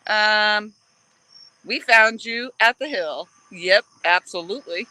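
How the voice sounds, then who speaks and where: A woman's voice: mid-range voice, slow, pushed and bright, low-quality recording. A woman hosting a fishing livestream from a riverbank, chatting casually and rambling cheerfully. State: out of breath. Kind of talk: casual live-stream chat. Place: outdoors on a riverbank at dusk, crickets behind.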